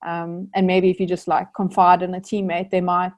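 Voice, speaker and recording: A woman's voice: lowish voice, level tone, normal speed. Earnest young woman, rambling and reflective. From South Africa. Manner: earnest, reflective, many fillers like "like" and "um". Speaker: guest, Olympic rower. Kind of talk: casual interview answers.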